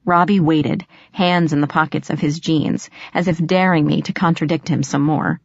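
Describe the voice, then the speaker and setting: A woman narrating an audiobook in first person, expressive and storytelling. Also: sits low, moderate pace, vocal fry, no room sound. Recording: dry, slightly dull audio.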